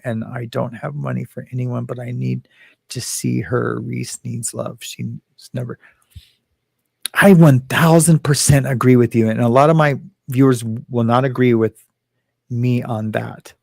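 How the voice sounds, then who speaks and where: Host, male, gravelly mid-pitched voice, rambling and emotional, close dry sound. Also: fairly even intonation, unhurried, darkish tone, no room sound. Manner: rambling, emotional, many fillers and restarts. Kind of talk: casual talk.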